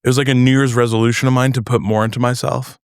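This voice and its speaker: A man's voice: mid-range voice, level tone, rapid-fire, clear, resonant tone, dry recording, clean studio sound. A young man from North New Jersey, a comedian guest chatting casually on a podcast, rambling and hesitant with many fillers.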